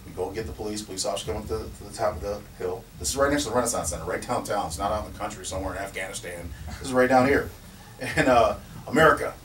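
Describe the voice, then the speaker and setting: A man who runs a community security firm, telling a story in an animated way, laughing often and acting out what others said. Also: lowish voice, very fast, roomy sound. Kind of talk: storytelling in a recorded conversation. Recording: distant mic with faint background noise.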